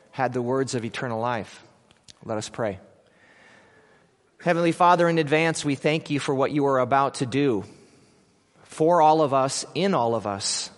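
A male pastor giving an Easter sermon, telling a story dramatically, swinging between loud declaiming and quiet moments. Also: on the high side, long reverb tail. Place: church.

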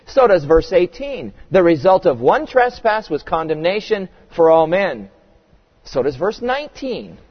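A man's voice: high-pitched, big pitch swings, a little slow. A man preaching a sermon as pastor, earnest and emphatic, asking the congregation rhetorical questions. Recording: dull audio with long hall reverb.

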